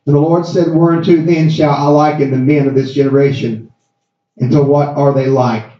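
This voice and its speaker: A male pastor preaching and leading a fervent prayer in a church, repeating "God" between his rebukes. His voice sits high. The sound is echoey and muffled. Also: fairly even intonation, normal speed, dark tone. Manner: fervent, repetitive, calls out "God". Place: church sanctuary.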